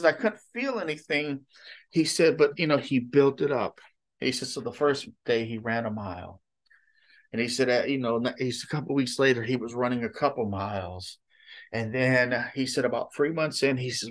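A man's voice: medium pitch, a bit bright. Rambling conversational male preacher. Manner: conversational and rambling, frequent "you know" and "okay?". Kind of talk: sermon.

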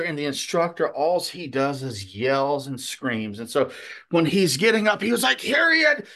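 Casual: pastor guy, fairly high voice, rambly story sermon with lots of uhs. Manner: conversational storytelling with fillers.

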